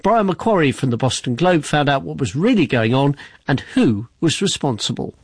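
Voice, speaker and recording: A man presenting radio news with a measured, scripted delivery and interviewing guests. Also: on the high side, sing-song, husky, no room sound, clean studio sound.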